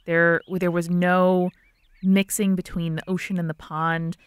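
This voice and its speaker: A woman narrating a scene calmly as a player in a tabletop game. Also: on the low side, measured pace, smooth, dry recording.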